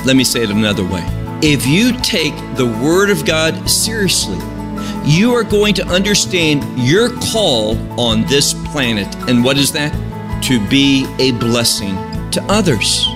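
Slow, lively-pitched male Bible teacher over guitar. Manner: slow and measured, with emphatic phrasing. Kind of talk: sermon-style radio teaching. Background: guitar music.

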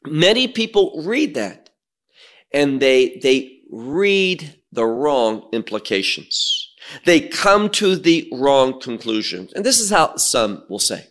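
A man teaching a sermon, reading scripture aloud and explaining it with slow, emphatic delivery. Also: mid-range voice, very animated, a bit bright. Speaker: Bible teacher.

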